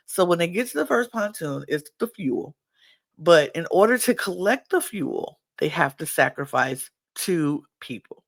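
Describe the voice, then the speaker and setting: Woman podcast host with a gravelly, creaky voice, chatty show recap, does everyone's lines. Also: low voice, lively intonation, normal speed. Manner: chatty, acts out people's quotes. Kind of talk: casual reality-show recap.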